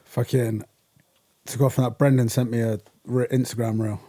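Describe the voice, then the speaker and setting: A young man co-hosting a podcast in casual chat, laid-back, quick to laugh and swearing casually. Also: mid-range voice, little pitch movement, mellow, no echo. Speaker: podcast co-host.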